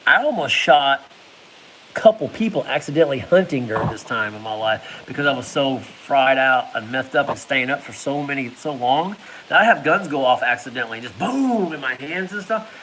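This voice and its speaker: Man, casual storytelling, laughs and sound effects, lively swinging pitch, faint hiss. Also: normal speed, rough recording. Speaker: vlogger.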